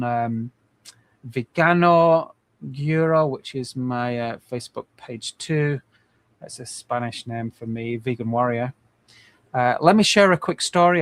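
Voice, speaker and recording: A man in his forties, hosting a livestream in an earnest, rambling way with many restarts. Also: medium pitch. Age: 40s. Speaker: livestream host. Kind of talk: casual livestream talk.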